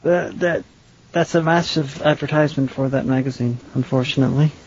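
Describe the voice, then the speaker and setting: A woman's voice: a bass voice, brisk, darkish tone, slight background noise. A woman co-hosting a podcast, asking curious questions in a blunt, casual manner with frequent swearing. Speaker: podcast co-host. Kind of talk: casual chat. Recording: dull lo-fi podcast audio.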